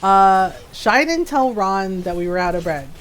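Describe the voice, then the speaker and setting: A woman's voice: medium pitch, lively intonation, a little slow. A middle-aged woman livestreaming a video game, chatting casually and telling family stories with frequent laughter. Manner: chatty storytelling, laughs often. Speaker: game streamer.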